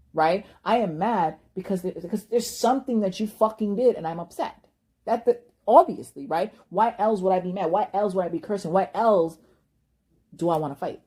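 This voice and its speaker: A woman's voice: on the low side, animated, moderate pace, warm tone, slightly rough. A young woman giving an emotional personal monologue, impassioned and ranting, cursing and repeating words when worked up. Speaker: vlogger.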